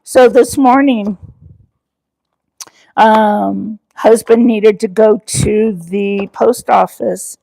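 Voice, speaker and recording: A woman hosting a casual cooking livestream, chatty and rambling, quick to laugh. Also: mid-range voice, fairly even intonation, creaky, mellow.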